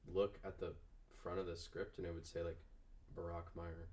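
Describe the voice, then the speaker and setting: A young man from Georgia, an actor guest, telling an animated story with many likes and asides. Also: low-pitched, normal speed, far from the mic. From Georgia, USA. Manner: animated, chatty, lots of "like". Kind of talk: casual storytelling.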